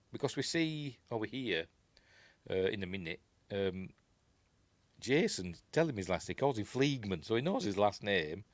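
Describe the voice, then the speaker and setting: Rambling Yorkshire man, fairly low voice. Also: dry recording. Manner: rambling, chuckling, self-correcting. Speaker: host. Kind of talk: casual film commentary.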